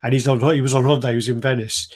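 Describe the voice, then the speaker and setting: A man hosts a loose live stream chat at a middling pitch, wandering from one story to the next. He swears freely and laughs often, never sounding scripted. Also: flat delivery, rapid-fire, darkish tone.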